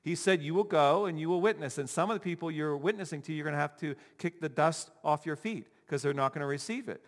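Animated preacher in an echoing hall. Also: male voice, on the high side, fast. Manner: animated, acting out quoted voices. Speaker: pastor. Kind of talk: sermon. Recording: long hall reverb.

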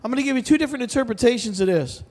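A man preaching a sermon in a large church, animated and storytelling, often asking the crowd questions. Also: very high-pitched, racing. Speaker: guest preacher. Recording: long hall reverb.

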